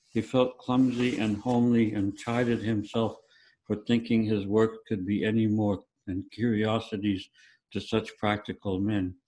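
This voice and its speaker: Male author reading his own tale at a festival, wry, conversational, low mellow voice. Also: poor audio.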